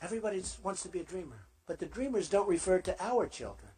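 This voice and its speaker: A man's voice: high-pitched, big pitch swings, quick pace, a little mellow, husky. A man running for president gives a rambling, boastful campaign rally speech to a live crowd and repeats himself often. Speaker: presidential candidate.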